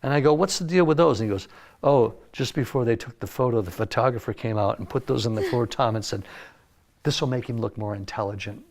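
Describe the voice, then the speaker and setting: An older man, a music producer, telling animated anecdotes in a casual interview and acting out the lines of the people he quotes. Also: mid-range voice, fast talker, vocal fry. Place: recording studio.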